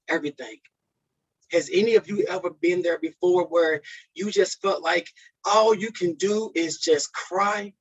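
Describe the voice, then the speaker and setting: A man sharing a personal testimony as a speaker at a men's conference, swinging from loud peaks to hushed lows. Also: fairly even intonation, moderate pace, breathy edge. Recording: dull lo-fi recording.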